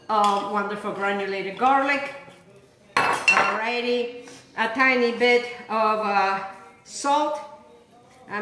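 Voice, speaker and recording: A woman hosting a home cooking demonstration, chatty and exuberant, breaking into sudden high whoops as she works in her kitchen. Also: roomy sound, background noise. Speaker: cooking show host.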